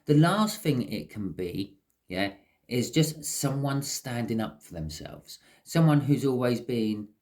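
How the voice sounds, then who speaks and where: A man giving a casual, chatty tarot reading, often checking in with "okay?". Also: slow pace. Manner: chatty, lively rises in pitch, frequent "okay?" check-ins. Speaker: tarot reader.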